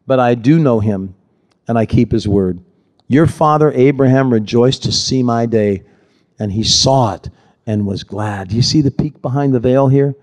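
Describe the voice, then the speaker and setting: A man preaching a sermon, animated, acting out the voices in the scripture he reads. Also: medium pitch, moderate pace. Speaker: pastor.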